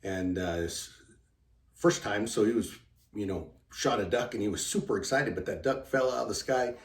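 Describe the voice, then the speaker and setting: Low-voiced man rambling through a joke. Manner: halting, rambling delivery with many fillers. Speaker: channel host. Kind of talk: casual joke telling. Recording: roomy sound from a distant mic.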